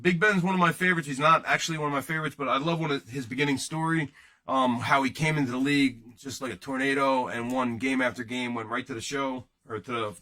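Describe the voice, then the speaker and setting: A man's voice: medium pitch, bright, forceful tone. A man hosting a card-breaking livestream, rambling and joking casually with his viewers in chat.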